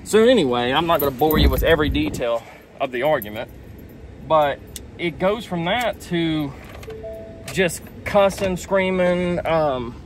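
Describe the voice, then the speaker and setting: A man's voice: fairly high pitch, measured pace, over music. Frank man telling a personal story. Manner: plainspoken and frank, with occasional cursing. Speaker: vlogger.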